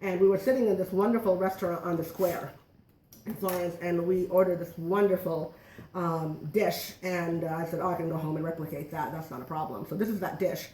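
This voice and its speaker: A woman's voice: on the low side, fairly even intonation, a little fast, warm tone, distant mic, slight background noise. A middle-aged woman giving a chatty, joking cooking demonstration to a small audience in a home kitchen. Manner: joking, self-deprecating, chatty. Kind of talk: live cooking demo patter. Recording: echoey room, voice from afar.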